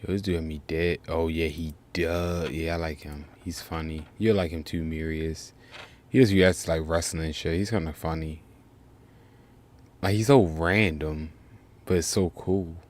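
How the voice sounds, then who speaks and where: Male streamer, very deep voice, relaxed rambling reaction chat. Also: moderate pace. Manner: laid-back, rambling commentary. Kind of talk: casual chat.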